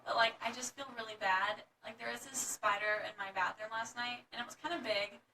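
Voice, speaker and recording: A woman's voice: on the high side, fairly even intonation, a little fast, sharp tone. Giggly young woman, distant mic. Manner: giggly, rambling storyteller. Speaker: podcast co-host. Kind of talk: casual chat. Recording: distant mic with faint background noise.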